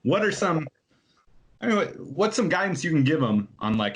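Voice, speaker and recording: A man's voice: fairly high pitch, sing-song, moderate pace, husky. A man interviewing a guest in an easygoing, casual way, laughing along with the stories.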